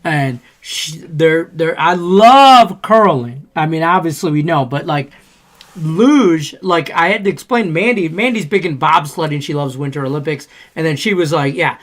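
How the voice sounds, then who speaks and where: A man co-hosting a casual sports betting podcast, rambling and profane as he tells animated stories. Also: a little high, normal speed. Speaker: podcast co-host.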